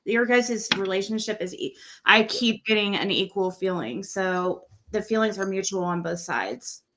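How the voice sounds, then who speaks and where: A woman's voice: medium pitch, moderate pace, fairly bright tone. A woman hosting a casual late-night livestream chat, reading cards for a guest in a rambling way, with many fillers, over a video call.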